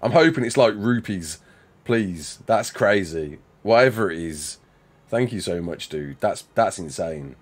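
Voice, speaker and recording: Young dude streaming a game, chats with viewers, lots of laughing and restarts, pitch bouncing all over. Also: male voice, lively intonation, slightly rough. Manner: chatty, quick to laugh, answers chat, trails off in restarts. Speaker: live streamer. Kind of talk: casual chat while playing a game live.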